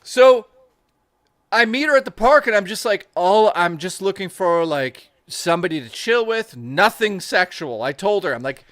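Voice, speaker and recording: Man, bright tense voice, crude animated storyteller, dry close sound. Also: high voice, moderate pace, no room sound. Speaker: stream co-host. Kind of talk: casual chat.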